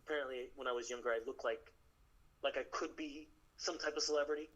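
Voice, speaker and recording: A Navy veteran telling stories in casual chat, acting out the people in them. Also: male voice, mid-range voice, fast talker, lo-fi sound. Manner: animated, acts out the people in his stories.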